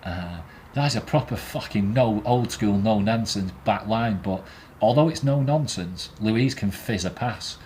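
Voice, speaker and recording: A man's voice: fairly low pitch, unhurried, a little mellow, slight background noise. A man, host of a fan show, rating players in a blunt, sweary and opinionated casual chat. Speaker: football fan podcast host.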